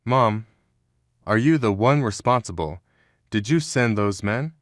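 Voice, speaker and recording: A man voicing a shaken young adult son in a read-aloud story, in an even, measured delivery. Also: on the low side, no room sound, clean studio sound. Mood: upset.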